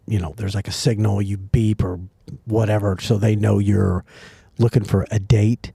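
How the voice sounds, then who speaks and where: A man's voice: fairly low pitch, little pitch movement, moderate pace, gravelly, mellow, breathy edge, no echo. A man co-hosting a podcast, asking curious, joking questions in casual chat. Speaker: podcast co-host.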